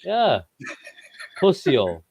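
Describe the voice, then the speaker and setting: A man's voice: a little high, huge pitch swings, takes it slowly, darkish tone. A man hosting a heated online panel, taunting another panelist with repeated insults.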